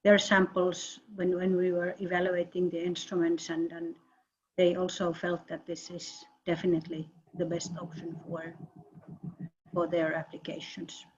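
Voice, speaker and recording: A woman researcher answering questions in an online meeting, halting and often repeating words. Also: on the low side, level tone, slight background noise. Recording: muffled video-call audio.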